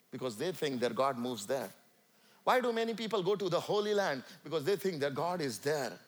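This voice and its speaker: A man with an Indian accent preaching a sermon to a church congregation, swinging from loud calls to quiet asides. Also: on the high side. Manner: emphatic, rising and falling between loud calls and quiet asides. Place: church sanctuary.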